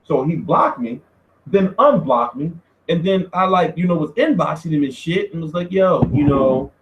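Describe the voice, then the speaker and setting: Male boxing vlogger, high and animated, slangy and profane, roomy recording. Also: normal speed, dull audio. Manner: animated, laughing, slangy storytelling. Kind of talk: casual profane monologue. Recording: roomy echo.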